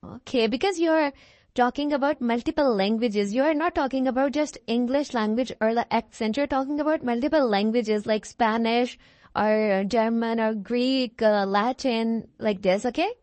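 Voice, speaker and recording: A woman's voice: on the high side, moderate pace, darkish tone, no room sound. A woman teaching an online English class who switches between English and Hindi-Urdu and reassures her students often. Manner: reassuring, repeats okay.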